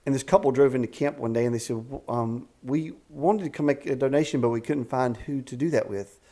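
A man in his fifties, executive director of a ministry camp, telling stories in an animated way in a casual interview. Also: medium pitch, a little fast. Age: 50s. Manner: animated storyteller with frequent restarts and faith talk. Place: a house at a rural camp.

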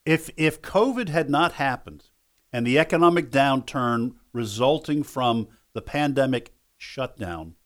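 A man co-hosting a talk radio show, reasoning through points with hesitant restarts and quick agreeing asides. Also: mid-range voice. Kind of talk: conservative talk radio discussion.

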